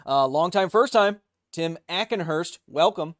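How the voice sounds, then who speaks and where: A man's voice: fairly high pitch, lively intonation, dry recording, studio quality. A man in his thirties hosting a casual live stream, reading viewer comments aloud and joking between them. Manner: joking, reads chat messages aloud with quick asides. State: coughing fits. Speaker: livestream host.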